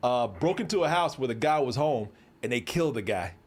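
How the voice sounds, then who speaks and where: Animated man telling stories. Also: mid-range voice, a little fast. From Waco, Texas. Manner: animated, acts out voices in his stories, laughs often. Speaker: host. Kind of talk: casual storytelling chat.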